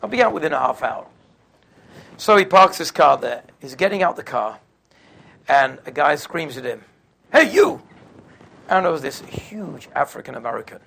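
A man with a gravelly, somewhat high voice tells stories in a sermon. His delivery is conversational and unhurried. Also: expressive, a bit bright. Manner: conversational, sprinkles in Yiddish and Hebrew terms. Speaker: religious speaker. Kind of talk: storytelling sermon.

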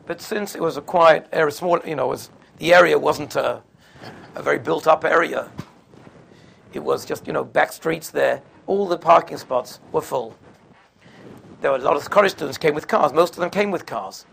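A man's voice: a little high, normal speed, vocal fry, a bit bright, a little hiss or hum. A man giving a sermon, telling stories in a conversational way. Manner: conversational, sprinkles in Yiddish and Hebrew terms. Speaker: religious speaker. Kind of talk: storytelling sermon.

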